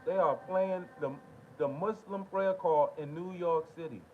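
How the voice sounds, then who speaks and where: A man's voice: fairly high pitch, a little slow, music in the background. A man hosting a live political commentary stream, talking in a heated, emphatic way and repeating his phrases for effect. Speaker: online commentary host. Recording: muffled lo-fi audio with noise.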